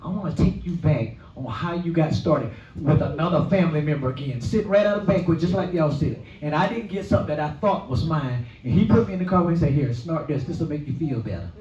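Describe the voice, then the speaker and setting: A man in his forties telling his life story at a luncheon, with a lively storytelling style that swells into exclamations. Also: on the high side, fast talker, few pauses, a little hiss or hum. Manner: storytelling, preacher-like, rising to exclamations. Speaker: guest speaker. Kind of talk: personal testimony. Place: event hall at a luncheon. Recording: echoey room from far off, dull sound.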